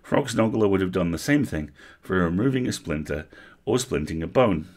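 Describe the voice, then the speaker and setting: A man reading a storybook aloud on a livestream, with vivid, animated narration. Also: sits low, normal speed. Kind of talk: expressive book reading.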